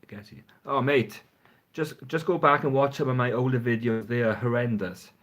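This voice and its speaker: A man's voice: medium pitch, steady tone, moderate pace, a bit bright. A man chatting casually and frankly on a phone livestream, rambling and swearing now and then. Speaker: fragrance reviewer. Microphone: phone front camera.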